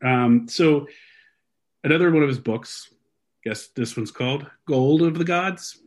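A young man hosting a casual podcast, walking his co-host through research in an animated, rambling way full of fillers. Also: on the high side, a little slow. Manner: animated storyteller, frequent fillers and restarts.

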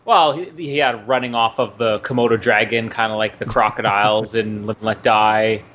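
A man's voice: on the low side, fairly even intonation, moderate pace. A man co-hosting a podcast, chatting casually and laughing often while watching a movie. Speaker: podcast co-host. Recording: muffled lo-fi audio.

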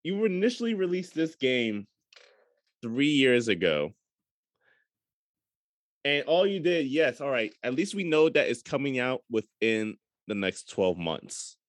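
An unhurried man co-hosting a podcast, his pitch leaping all over as he teases and eggs on his friend. His voice sounds close and dry, with no room around it. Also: sing-song, dry recording. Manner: teasing, egging on. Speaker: podcast co-host. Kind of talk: casual chat.

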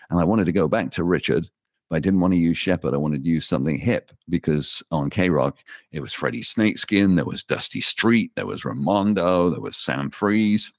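An English man with a very deep voice spins anecdotes from his years in radio. He tells them as a relaxed, animated storyteller. The sound is dry and close, with no room echo. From England. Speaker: radio DJ guest. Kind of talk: casual storytelling interview.

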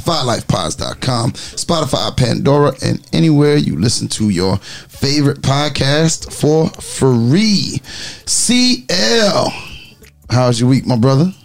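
A laid-back man co-hosting a casual podcast, his voice gravelly with fry at the ends of lines. He swings his pitch around a lot as he talks. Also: animated, measured pace. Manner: laid-back, reads out plugs. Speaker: podcast co-host.

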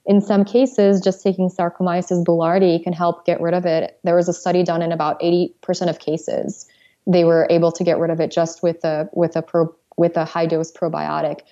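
A woman's voice: on the low side, level tone, a little fast, dark tone, lo-fi sound. A woman, a pharmacist guest, explaining treatments in a matter-of-fact way. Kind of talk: interview answers.

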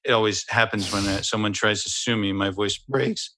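Man doing an American film-star impression: wry, low-set, self-mocking. Comic bit. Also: steady tone, moderate pace, pushed and bright, dry recording. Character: famous middle-aged American actor, wry, self-mocking.

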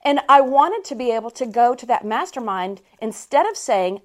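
A woman hosting a podcast, telling a story in a chatty, animated way. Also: on the high side, moderate pace. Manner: chatty and animated, with frequent laughs. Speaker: podcast host. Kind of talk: casual storytelling monologue.

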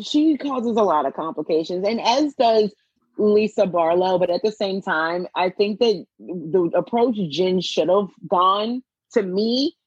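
A woman co-hosting a casual chat, animated and acting out what others said. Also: slightly rough, no echo, lo-fi sound. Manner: animated, acts out quotes with big pitch jumps. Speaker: podcast co-host.

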